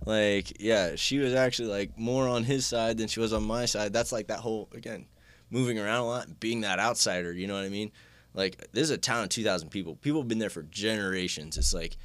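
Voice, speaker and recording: A man's voice: low voice, clear, resonant tone, no echo. A man casually telling a long personal story, rambling with lots of filler words and swearing.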